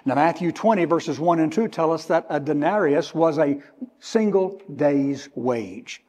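Male preacher, slow and deliberate, emphatic stress with hushed drops, long hall echo. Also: a little high. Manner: slow, emphatic, tells listeners to underline words. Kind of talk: sermon. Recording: long reverb of a large hall.

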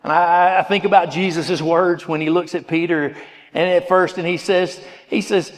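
Earnest preacher in a reverberant hall. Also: male voice, sits high, fairly even intonation, normal speed. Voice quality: earnest, repeats words as he searches for them. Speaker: pastor. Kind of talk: sermon.

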